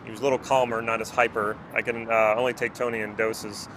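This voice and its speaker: A man's voice: fairly low pitch, flat delivery, quick pace, background noise. A man who works as a personal development coach talks to the camera in an earnest, reflective way and asks the viewer many questions.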